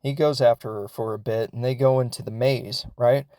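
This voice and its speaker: A man's voice: mid-range voice, fairly even intonation, moderate pace, dark tone, dry recording. A man hosting a podcast, recapping a film in a casual, rambling way, with lots of fillers and laughs as he goes. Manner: rambling and chatty, many fillers; laughs as he talks. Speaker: podcast host.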